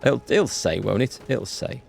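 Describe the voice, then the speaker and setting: A man hosting a live game playthrough, chatty and excitable, greeting viewers in chat. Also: medium pitch, measured pace, vocal fry. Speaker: let's play host. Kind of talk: live gameplay commentary. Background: faint game music.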